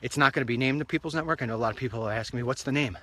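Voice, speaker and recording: A man's voice: mid-range voice, rapid-fire, fairly bright tone. A man hosting his own online show, chatting in a rambling, upbeat way while walking outdoors along a street. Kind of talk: casual walk-and-talk monologue.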